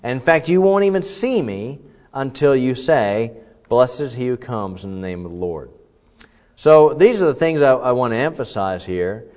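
A man preaching a sermon in a conversational, teaching way, with frequent restarts and fillers, growing excited when he retells the crowd's cries. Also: medium pitch, moderate pace. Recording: muffled sound with long hall reverb.

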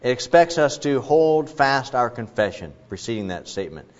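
A male preacher working through scripture in a relaxed, conversational way, wandering into asides before returning to his point. His voice sits at a middling pitch. The recording sounds dull and lo-fi. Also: normal speed. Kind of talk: expository sermon.

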